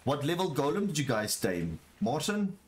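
A man streaming a game live, talking to his chat and exclaiming over what he finds, with low murmurs that jump to excited shouts. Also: normal speed. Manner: excitable, repeats phrases, talks to chat. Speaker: gaming streamer. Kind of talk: live gameplay commentary.

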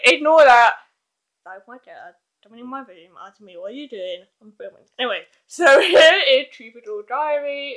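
A woman's voice: a little high, sharp tone. A teenage girl rambling through a doll review in her bedroom, hyper and giggly, filming one-handed on a handheld camera. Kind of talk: casual rambling vlog.

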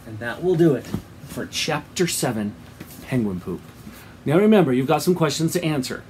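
A man's voice: a little high, lively intonation, moderate pace, darkish tone, a little hiss or hum. A man teaching, reading a children's book aloud expressively and acting out the sound effects, then giving his class an assignment.

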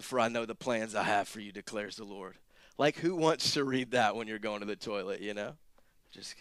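A man preaching a sermon as pastor, moving between conversational asides and loud, rising emphasis. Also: medium pitch, clean tone, no echo, clean studio sound. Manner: animated preaching, rising to near-shouted emphasis, with quick asides.

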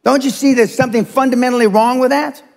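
A high-pitched, gravelly older man lectures a seminar crowd, blunt and profane, jabbing at the audience. His voice rings out in a reverberant live hall. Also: fairly even intonation, fast, a little mellow. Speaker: seminar speaker. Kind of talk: motivational seminar talk.

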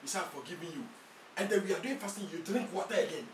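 A Ghanaian man acting a pastor husband in a comedy skit, exclaiming loudly and muttering quick prayers. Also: high-pitched, animated. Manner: loud exclaiming, switching to rapid muttered prayer. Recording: echoey room, distant mic, faint noise.

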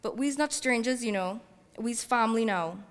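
A woman's voice: on the high side, normal speed. Woman reading fiction in a reverberant hall. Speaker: author reading her work. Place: library event space. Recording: long reverb from a large hall.

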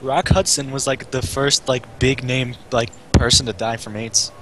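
A man co-hosting a comedy show, giving dry, unhurried replies in casual banter. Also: medium pitch, steady tone, background noise.

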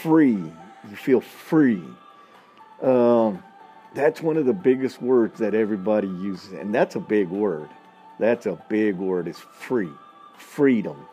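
A man's voice: on the low side, slow, dark tone, faint music behind. A man hosting a podcast, telling stories in a blunt, folksy, casual monologue and laughing often. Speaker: podcast host.

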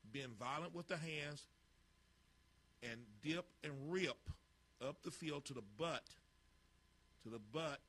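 A man's voice: on the high side, a bit bright. A man coaching football, narrating drill footage with blunt, clipped instructions and critiques.

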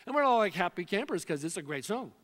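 Man, pastor, impassioned sermon, higher voice, long church reverb. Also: big pitch swings, fast talker. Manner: impassioned preaching, swinging from loud calls to hushed near-whispers. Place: church sanctuary.

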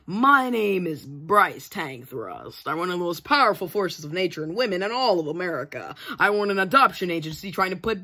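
A man's voice: sits high, sing-song, brisk, few pauses, sharp tone, heavily acted. A man voicing a pompous, boastful macho character.

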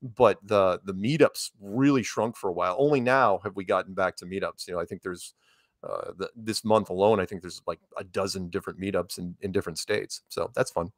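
A man's voice: low-pitched, a little fast, no room sound, studio quality. A man being interviewed, telling chatty anecdotes and laughing as he goes. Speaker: interviewed guest. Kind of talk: casual storytelling interview.

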